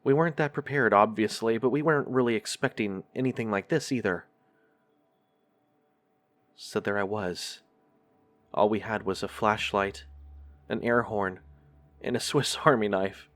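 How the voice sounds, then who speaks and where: A man hosting a horror podcast, reading a first-person scary story in a measured, drawn-out storytelling delivery. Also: lowish voice, a bit bright.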